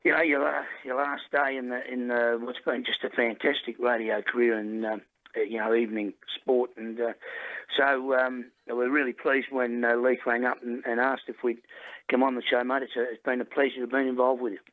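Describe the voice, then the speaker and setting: A man's voice: medium pitch, a little fast. A man chatting on the phone with a radio host. He talks easily, with plenty of ums and uhs, and his middling voice comes through a dull, muffled line. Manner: relaxed, with many fillers. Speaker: caller, former coach. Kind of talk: phone-in chat. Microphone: telephone.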